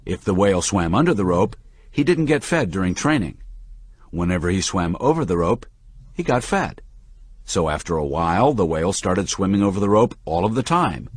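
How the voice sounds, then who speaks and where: A man reading the part of a calm, patient manager who explains ideas to a younger man with lively emphasis. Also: low voice, moderate pace, breathy edge, dry recording, heavily acted. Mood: patiently explaining. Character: calm middle-aged male manager, patient teacher.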